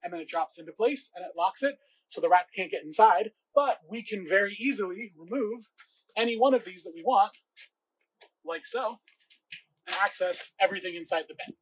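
A man with a high, slightly husky voice co-hosts a homemade gardening vlog. He explains his build casually and pokes fun at himself along the way. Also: lively intonation, normal speed, poor audio. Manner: chatty, self-mocking, jokey. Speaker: co-host.

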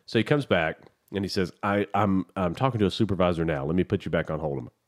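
A man co-hosting a podcast, telling a story in a casual, profane, animated way. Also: deep voice, quick pace. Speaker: podcast co-host. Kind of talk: casual chat.

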